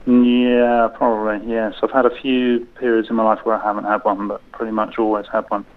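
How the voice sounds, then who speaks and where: A man's voice: on the low side, level tone, brisk. A middle-aged British man chatting as a podcast guest, hesitant, with many restarts. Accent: British English. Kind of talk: casual interview chat. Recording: tinny phone-like line.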